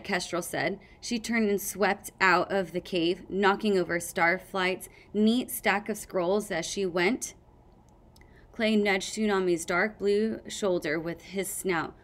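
A woman reads a fantasy novel aloud in a steady storytelling voice. Her pitch sits in the middle for a woman, and she carries the narration between the characters' lines. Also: slow. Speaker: audiobook reader.

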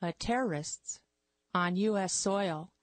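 Measured woman candidate on talk radio. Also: medium pitch, no echo. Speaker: congressional candidate guest. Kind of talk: radio interview answers. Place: radio studio.

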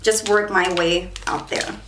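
A young woman chatting casually in a beauty haul vlog, bubbly and excitable, often apologizing to her viewers. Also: fairly low pitch, measured pace, noisy background. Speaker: beauty vlogger. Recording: roomy echo.

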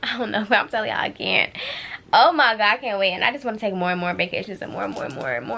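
Packing in her bedroom, a young vlogger talks to the camera on its tripod in a fast, sing-song voice that is medium-pitched, gravelly, and sharp. She's playful and chatty, laughs a lot, and uses slang, with slight background noise audible indoors.

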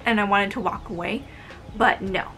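A woman's voice: mid-range voice, steady tone, normal speed, fairly bright tone. A woman in her twenties telling stories about her retail job in a casual, exasperated, sarcastic way. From United States. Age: 20s. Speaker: vlogger telling work stories. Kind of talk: casual storytime narration.

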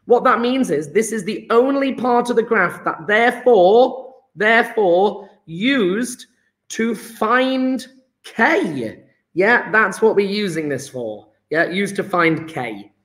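Male chemistry teacher, upbeat and chatty, high-pitched, roomy echo on a computer mic. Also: expressive, measured pace, few pauses, fairly bright tone. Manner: chatty, encouraging, quizzes students by name. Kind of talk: live online lesson. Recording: echoey room.

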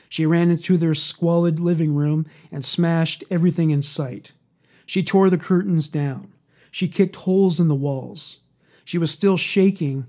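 A man narrating a true-crime story in a steady, measured scripted read. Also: fairly high pitch.

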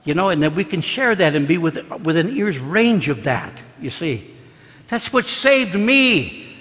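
A man who is a priest, preaching a parish mission sermon in an animated, storytelling way, acting out the people he quotes. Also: on the high side, moderate pace. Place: church. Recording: echoey church broadcast.

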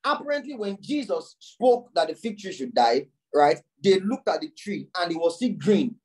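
A male pastor giving a teaching sermon. He repeats words as he explains and reads scripture aloud slowly, raising his voice. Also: big pitch swings, darkish tone, low-quality recording. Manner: repeats words while explaining, with sudden jumps in pitch.

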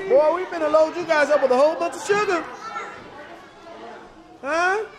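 A woman's voice: extremely high pitch, normal speed. A woman filming on a phone in a large hall and chatting playfully with children, teasing them in slangy talk. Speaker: person filming at a church kids' event. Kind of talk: casual chat with children while filming. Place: large indoor hall at a church festival. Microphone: handheld phone camera. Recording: noisy crowded hall. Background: crowd of chattering children.

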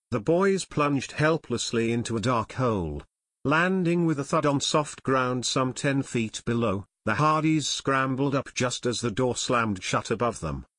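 Expressive male audiobook narrator. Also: mid-range voice, no echo, studio quality. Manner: expressive, voices every character.

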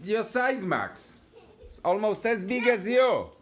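A woman's voice: medium pitch, big pitch swings, slow pace, slight background noise. A woman hosting a casual family video, asking the children upbeat, coaxing questions. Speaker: family vlog host.

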